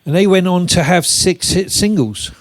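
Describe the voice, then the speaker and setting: A man's voice: high voice, moderate pace. A man hosting a casual interview, mostly giving short agreements and brief prompting questions. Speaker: interviewer and host.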